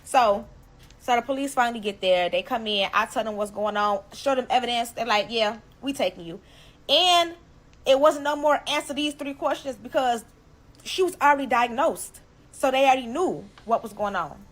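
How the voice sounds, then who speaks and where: A woman telling a personal story in a casual storytime, animated and emphatic, cursing freely. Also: fairly high pitch, normal speed.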